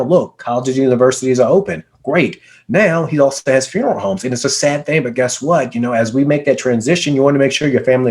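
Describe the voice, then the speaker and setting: Man, business coach, mid-pitched voice, lively emphatic storytelling, repeats words for effect. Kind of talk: conversational storytelling. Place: video call.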